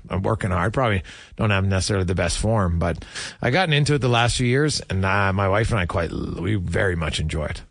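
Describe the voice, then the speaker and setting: A man's voice: fairly low pitch, vocal fry, no echo, studio quality. A middle-aged man hosting a sports radio show, talking casually and candidly with plenty of fillers and restarts.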